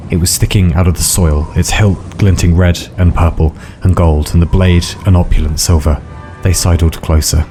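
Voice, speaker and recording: A man's voice: low-pitched, steady tone, normal speed. A man narrating a scripted fantasy story in a wry, dramatic way. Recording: faint background music.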